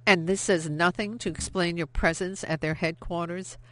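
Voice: mid-range voice, steady tone, moderate pace, a bit bright, natural voice. An audiobook narrator voicing Isabel, a fierce young French woman who fires blunt, accusing questions.

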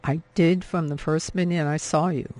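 A man's voice: a little high, fairly even intonation, normal speed, a little mellow, close to an everyday voice. A man voicing a wounded young man who speaks tenderly, his voice breaking with emotion. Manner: voice breaking with feeling.

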